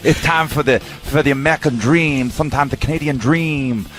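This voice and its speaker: A man's voice: medium pitch, normal speed, a bit bright, faint music behind, pitched above the performer's own voice, close to an everyday voice. A man putting on the boastful, drawling promo voice of an old-school male wrestler. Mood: grandiose.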